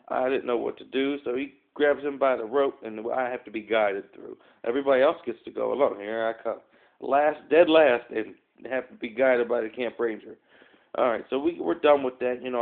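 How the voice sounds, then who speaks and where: A man with a gravelly, creaky voice rambles through a self-deprecating story straight into his phone, padding it with fillers and asides. The sound is thin and tinny, like phone audio. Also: mid-range voice. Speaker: vlogger. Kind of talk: casual storytelling to a phone camera. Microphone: phone front camera.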